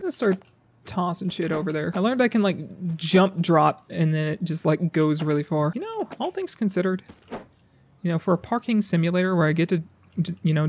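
Sarcastic, profane gamer. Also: male voice, sits high. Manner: profane, sarcastic, jokey, talks to the game characters. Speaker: gaming YouTuber. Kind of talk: casual gameplay commentary.

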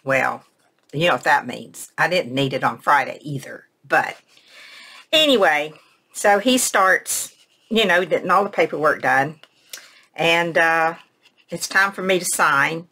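A woman, a craft vlogger, casually telling a personal story in a soft, emotional way and retelling conversations word for word. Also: deep voice, slow, creaky, long pauses. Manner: rambling, retells conversations in quotes.

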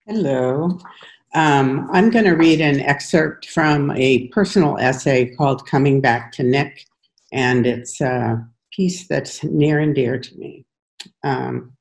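A woman in her forties, a writing contest winner, reading her own personal essay aloud in a measured, earnest way. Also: rumbling low.

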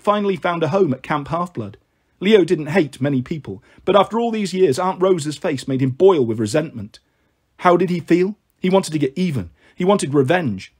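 A man narrating a novel aloud in a steady storytelling manner. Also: a little high, husky. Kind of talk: audiobook narration.

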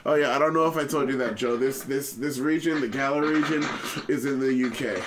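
A man hosting a casual let's play, excitable and joking, swearing and laughing often. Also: mid-range voice, brisk, noisy background. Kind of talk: casual gaming commentary.

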